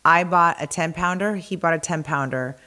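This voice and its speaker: A woman's voice: lowish voice, normal speed, pushed and bright. A woman co-hosting a podcast, joking and chatting casually. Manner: joking, playful. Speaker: podcast co-host. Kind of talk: casual chat.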